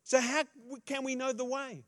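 A male preacher voicing a bewildered, exasperated disciple in a high, strained and pleading voice. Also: little pitch movement, normal speed, a bit bright, no room sound, studio quality. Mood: baffled, exasperated.

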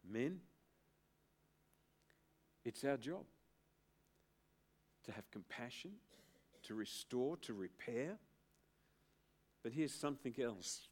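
A man's voice: medium pitch, expressive, darkish tone, breathy edge. Emphatic middle-aged male pastor preaching. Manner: emphatic, with pauses and dramatic build-ups. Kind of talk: sermon.

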